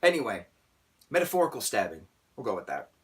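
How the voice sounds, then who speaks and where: A man ranting through a film review in an animated, exasperated and theatrical way, with sarcastic outbursts. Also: on the low side, fairly quick.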